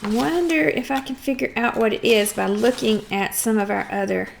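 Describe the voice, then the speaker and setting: A middle-aged woman teaching a first grade phonics lesson, patiently sounding out words and clearing her throat now and then. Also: on the high side, moderate pace, slight background noise. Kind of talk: recorded phonics lesson for young children.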